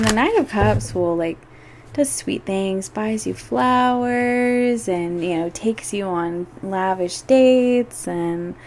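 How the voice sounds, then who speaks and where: A woman's voice: medium pitch, darkish tone. A woman giving a casual monthly tarot reading. She talks to the listener directly and fills her speech with "like" and "you know". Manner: chatty, filler-heavy, addresses the listener directly. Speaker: tarot reader.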